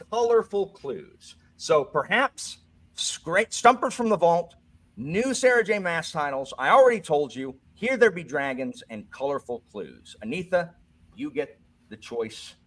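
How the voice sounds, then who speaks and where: A man's voice: on the high side, big pitch swings, a little slow, a bit bright. A man hosting a bookish quiz game, playful and jokey, reading each clue twice. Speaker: quiz host. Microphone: desk microphone.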